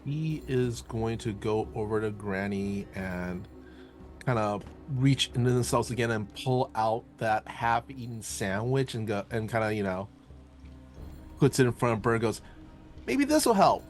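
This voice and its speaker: A man's voice: lowish voice, measured pace, faint music behind. A man playing a tabletop role-playing game, casually describing his character's actions and improvising playful details. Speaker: player.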